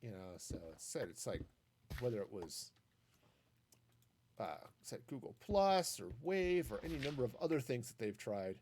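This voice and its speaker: A man's voice: mid-range voice, very animated, normal speed, darkish tone, a little hiss or hum. A man streaming a game, chatting casually and thinking aloud with many restarts. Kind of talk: casual commentary while gaming.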